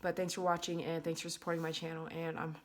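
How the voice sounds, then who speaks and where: A woman's voice: low voice, monotone, fast. A woman, vlogging from her bedroom in a chatty, rambling way, full of fillers and restarts. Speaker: dog groomer and channel host. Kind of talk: casual vlog storytelling. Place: bedroom at home.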